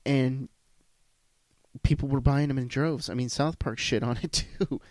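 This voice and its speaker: A man's voice: mid-range voice, measured pace, darkish tone, no echo. A man hosting a solo podcast, ranting bluntly with lots of swearing and restarts. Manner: blunt, profane, rambling with restarts. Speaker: podcast host.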